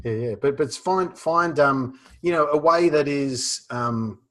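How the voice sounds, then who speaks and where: An Australian man chatting loosely about using humor on stage. His voice sits a little high for a man. He pauses often and circles back with fillers and false starts. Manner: relaxed, many fillers and restarts. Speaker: guest speaker on humor. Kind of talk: casual advice chat.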